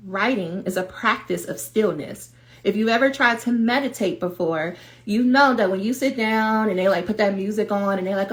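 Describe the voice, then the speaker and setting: Woman, dissertation coach, live coaching talk, direct, animated, middle pitch. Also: normal speed. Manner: animated, direct, acts out quoted voices.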